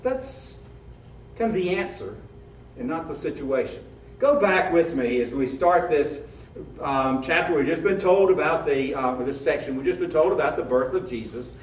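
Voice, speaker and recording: A man's voice: fairly high pitch, lively intonation, moderate pace, a little hiss or hum. A man preaching a sermon as a pastor, in a conversational style with rhetorical questions. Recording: echoey room, mic at a distance.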